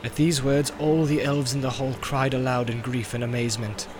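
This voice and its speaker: A man reading a fantasy audiobook in a measured storytelling voice. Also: medium pitch, little pitch movement, music in the background. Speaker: audiobook narrator. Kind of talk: scripted narration.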